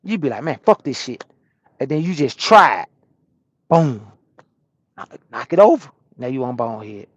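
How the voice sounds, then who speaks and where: A man from Atlanta, a truck driver chatting casually on a live stream and answering viewers' comments in a relaxed, repetitive way. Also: medium pitch, moderate pace, long pauses, dry recording, lo-fi sound. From Atlanta, USA.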